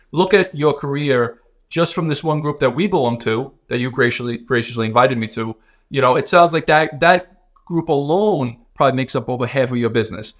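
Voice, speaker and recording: A man co-hosting a podcast in casual chat, rambling with many restarts and fillers. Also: mid-range voice. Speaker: podcast co-host.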